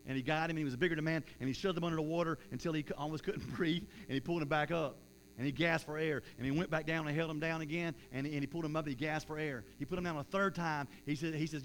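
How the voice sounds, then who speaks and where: A man preaching a sermon as pastor in a church, rising loud in acted-out prayers and dropping soft for an altar call and prayer. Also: on the high side, fairly even intonation, very fast, a little hiss or hum, rough recording. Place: church sanctuary.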